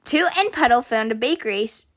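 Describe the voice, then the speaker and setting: A woman hosting a children's story podcast, reading aloud in a gentle, expressive way. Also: fairly high pitch, a little fast. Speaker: host, storyteller.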